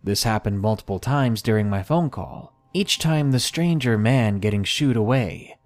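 A man reading submitted first-person scary stories aloud in a steady, measured scripted narration. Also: mid-range voice. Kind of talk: scripted horror story narration.

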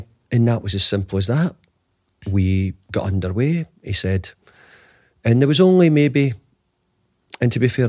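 A man in his fifties, a football manager being interviewed, who tells his story in a halting way, often repeating words and restarting. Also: sits low, a little mellow, no room sound, clean studio sound. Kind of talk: conversational storytelling.

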